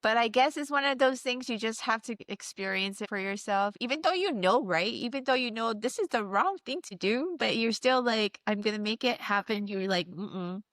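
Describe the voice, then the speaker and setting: A woman's voice: fairly high pitch, lively intonation, moderate pace, hardly any pauses, a bit bright, dry recording. Chatty woman hosting a podcast. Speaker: podcast host. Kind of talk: casual interview chat.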